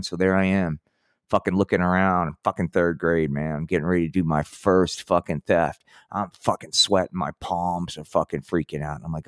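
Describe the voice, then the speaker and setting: A man's voice: sits low, steady tone, normal speed, no room sound, clean studio sound. A middle-aged man hosting a podcast, telling a long profane story in a rambling way and saying "man" often. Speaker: podcast host.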